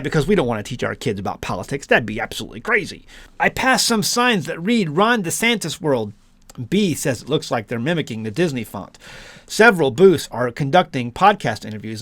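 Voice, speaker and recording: A man's voice: on the high side, bright, forceful tone, no echo. A man from the United States who hosts a homesteading channel, reading an article aloud and breaking in with sarcastic asides.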